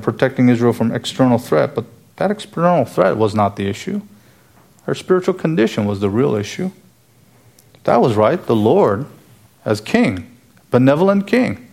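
Man, preacher, sermon, earnest, emphatic rhetorical questions, mid-pitched voice. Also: vocal fry, a little mellow.

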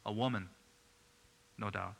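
A man's voice: lowish voice, steady tone, measured pace, gravelly. A man preaching a sermon in an earnest way, rising to emphatic bursts.

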